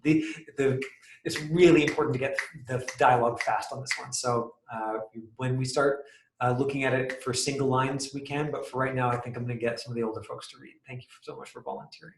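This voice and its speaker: A man teaching an acting class, casually explaining comedy with lively acted-out examples. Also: medium pitch, gravelly. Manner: animated, acts out quick examples with loud outbursts. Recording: echoey room.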